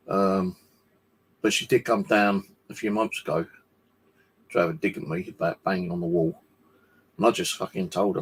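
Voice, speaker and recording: A man's voice: low voice, level tone, moderate pace, long pauses, slightly rough. A man, talking casually to camera at home, rambling and swearing in an aggrieved way. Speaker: vlogger. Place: home flat indoors.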